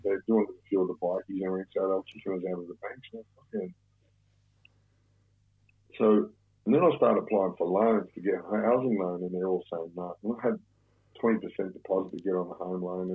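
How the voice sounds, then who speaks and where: A man's voice: sits low, fast, vocal fry, breathy edge. A middle-aged man with an Australian accent, telling stories in a casual interview, rambling and swearing freely. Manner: rambling, heavy swearing, blokey. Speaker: podcast guest. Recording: tinny phone line.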